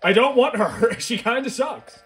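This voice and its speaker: A man's voice: very high voice, measured pace. A man co-hosting a let's play, joking and swearing in casual gameplay banter. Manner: joking, animated, swears often. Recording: game music behind.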